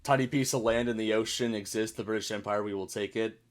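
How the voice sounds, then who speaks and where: A man's voice: lowish voice, fairly even intonation, fast. A young American man casually reacting to memes as a video host, chatty and puzzled, reading captions aloud. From United States.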